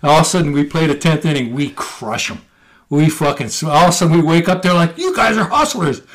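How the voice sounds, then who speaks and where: A man's voice: a little high, quick pace. A man co-hosting a casual sports podcast, telling stories with lots of swearing and acting out what others said. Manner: animated storyteller, swears freely, acts out quotes. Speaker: podcast co-host.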